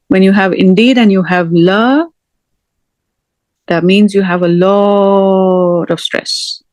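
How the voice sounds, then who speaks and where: A middle-aged woman teaches scripture word by word, at an unhurried pace and with careful repetition of each term. Her voice sits at an ordinary middle pitch. The recording is dry and close, with no room sound. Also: a little mellow, no room sound. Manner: slow, deliberate, repeating each word. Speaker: Quran teacher.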